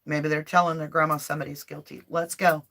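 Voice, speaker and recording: A woman with a somewhat low voice hosts a casual live tarot reading from her home office. She chats with viewers in a loose, informal way and slips into spoken prayers. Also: little pitch movement, fast talker, vocal fry, fairly bright tone. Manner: chatty and informal, often addressing viewers directly. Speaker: tarot reader hosting a live stream.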